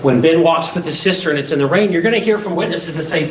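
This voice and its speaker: A man's voice: fairly high pitch, fast. A male defense attorney giving an opening statement to a jury, emphatic and full of rhetorical questions. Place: courtroom. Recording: echoey courtroom, distant mic, faint hiss.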